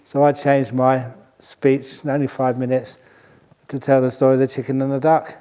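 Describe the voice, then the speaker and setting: A man's voice: mid-range voice, flat delivery, normal speed, dark tone, smooth. An older man, a monk, giving a dharma talk to a retreat audience, telling a humorous story and often chuckling. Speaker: monk teacher.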